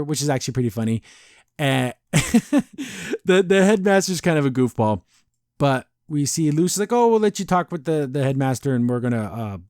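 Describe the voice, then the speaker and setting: A man with a fairly high voice talks through an episode recap as a podcast host, loose and rambling, full of fillers and false starts. The sound is close and dry, with no room echo. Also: darkish tone. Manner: rambling, many fillers and restarts. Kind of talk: casual episode review.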